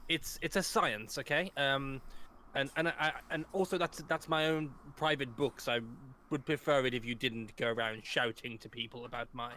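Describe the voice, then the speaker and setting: A man's voice: mid-range voice, steady tone, moderate pace, sharp tone, slight background noise, natural voice. A man voicing a bookish, fussy male professor, stammering and easily offended.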